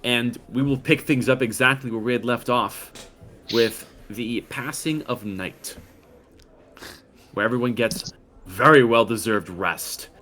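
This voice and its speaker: A man running a tabletop game, narrating the story in a measured, descriptive way with occasional pauses. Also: mid-range voice, fairly bright tone. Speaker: game master.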